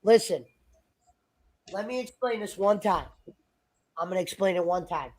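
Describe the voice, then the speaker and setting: Very high-voiced man, rambling and profane. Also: normal speed, darkish tone. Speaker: stream guest. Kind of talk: casual livestream chat.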